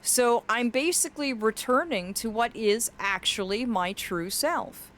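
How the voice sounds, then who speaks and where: A woman's voice: fairly high pitch, a little slow, a bit bright, a little hiss or hum. A woman streaming, chatting casually and affectionately with her chat, her voice cracking now and then. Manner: affectionate, reads chat aloud, often laughs.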